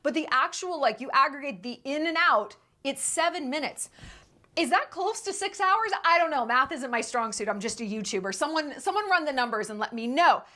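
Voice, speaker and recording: A woman's voice: sits high, expressive, fairly quick, pushed and bright. A woman in her thirties hosting a sarcastic commentary rant, incredulous and emphatic. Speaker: commentary YouTuber.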